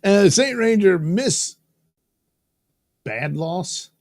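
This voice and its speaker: A man hosts a live stream, reading out viewer comments and joking about them. He talks slowly, and his pitch swings widely as he teases the chat. The sound is dry and close. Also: expressive, darkish tone, no echo. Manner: joking, reads viewer comments aloud, quick silly voices. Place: studio.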